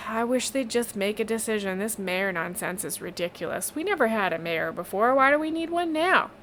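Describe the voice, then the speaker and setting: A woman's voice: fairly high pitch, animated, moderate pace, a bit bright, a little hiss or hum. A woman voicing a young female village weaver who rambles, exasperated by town politics. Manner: rambling, exasperated, eye-rolling.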